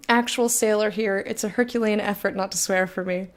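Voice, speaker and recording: A woman's voice: mid-range voice, steady tone, normal speed. A woman streaming a game, reading its text aloud and chatting frankly with viewers, swearing freely. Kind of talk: casual let's-play chat, reading game text aloud.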